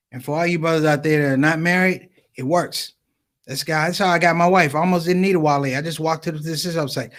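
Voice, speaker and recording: Talking fast in a voice on the high side, a man performs stand-up at a conference. He animatedly recounts comic stories from his own life, playing out the dialogue and leaning heavily on repeated phrases.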